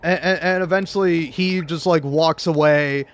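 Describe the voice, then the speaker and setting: Young male gaming host, slightly high voice, stammering storyteller with a casual, profane ramble. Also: steady tone, moderate pace. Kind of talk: storytelling while playing a game.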